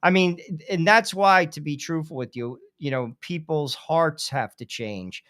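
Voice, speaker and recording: A man co-hosting a talk show, speaking in a measured, hedging way with frequent fillers. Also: fairly high pitch, fairly bright tone, no echo, clean studio sound. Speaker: co-host. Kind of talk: political talk show discussion.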